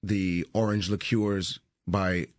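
A man with a booming voice, a guest on a radio show explaining a liqueur and its history. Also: level tone, slow, no room sound, clean studio sound. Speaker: spirits brand educator.

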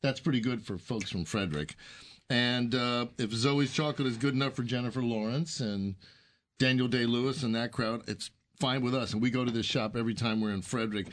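A man's voice: medium pitch, fairly quick. Joking male radio co-host. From Washington DC area. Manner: joking, playful. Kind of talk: casual radio chat.

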